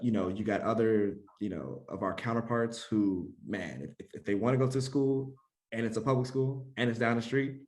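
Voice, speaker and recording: Man with a lowish voice, guest in an interview, thinks out loud w lots of restarts. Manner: thoughtful, many restarts and fillers. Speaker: special education administrator, guest. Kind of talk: conversational interview.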